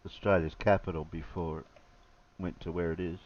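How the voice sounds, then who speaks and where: Low-voiced male stream host, muffled. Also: steady tone, brisk. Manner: hesitant, muttering while working the stream software. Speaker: livestream host. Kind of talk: casual group chat on a live stream. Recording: distant muffled mic.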